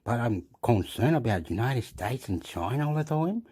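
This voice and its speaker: A man's voice: mid-range voice, animated, moderate pace, mellow, breathy edge. A man from Chile, telling a rambling story with frequent laughs and stammered restarts. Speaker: vlogger.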